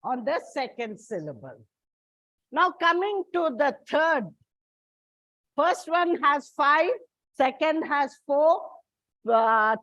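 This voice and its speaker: A woman with an Indian English accent teaching an English lesson, slowly spelling out word endings letter by letter and repeating each example word. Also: high voice, a bit bright, no echo. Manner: slow, deliberate, repeats and spells out words letter by letter. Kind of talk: slow spelled-out classroom lesson. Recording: dull, muffled lo-fi recording.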